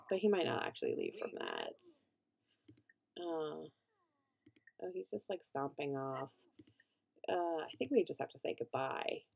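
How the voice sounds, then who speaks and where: A young woman giving chatty gameplay commentary as a let's play host, reacting loudly and laughing often. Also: lowish voice, creaky.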